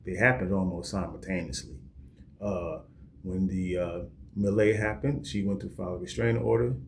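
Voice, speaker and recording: A man's voice: deep voice, fairly even intonation, moderate pace, creaky, slight background noise. A man hosting a podcast, telling a personal story in a plainspoken, reflective way. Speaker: podcast host. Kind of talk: casual podcast monologue.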